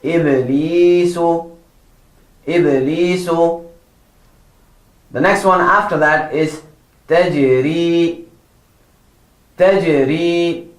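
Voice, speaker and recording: A man's voice: on the high side, drawn-out words, long pauses, fairly bright tone, roomy sound. A man teaching children Quran pronunciation, drawing out each model word, repeating corrections and praising them. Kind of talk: slow, patient pronunciation lesson for children.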